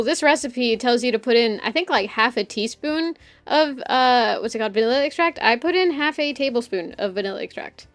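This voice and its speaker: A woman streamer chatting casually with her viewers, her voice sitting a little high. She rambles from one topic to the next, laughs a lot and swears freely. Soft music plays underneath. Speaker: streamer host. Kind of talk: casual live-stream chat.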